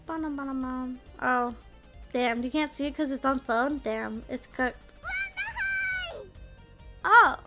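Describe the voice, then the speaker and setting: A woman's voice: sits high, slow pace, long pauses, over music. A woman in her twenties chatting casually on a live stream, full of "like" and tag questions. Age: 20s. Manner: chatty, peppers speech with "like" and "yeah?".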